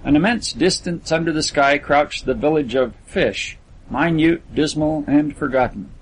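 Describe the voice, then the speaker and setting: A man narrating a literary story in a measured, descriptive way. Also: fairly high pitch, slightly rough, rough recording. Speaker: audiobook narrator.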